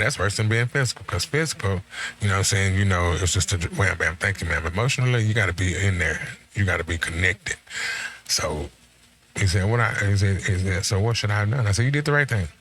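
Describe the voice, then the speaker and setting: A man's voice: low-pitched, fairly bright tone. A middle-aged man telling a story in a casual, slangy way, quoting himself and his friend as he goes. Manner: laid-back, slangy, quotes himself and his friend in conversation.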